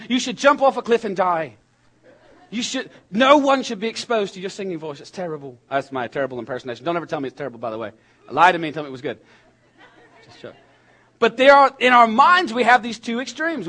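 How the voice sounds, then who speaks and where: A man preaching a sermon in a conversational, animated way, with jokes and quick asides. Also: a little high. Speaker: pastor.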